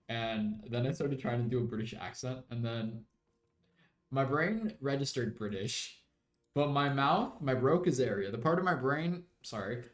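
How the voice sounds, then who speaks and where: A man's voice: medium pitch, roomy sound. A young man streaming a game, chatting in a rambling way and slipping into mock British slang. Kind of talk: casual live-stream chat while gaming.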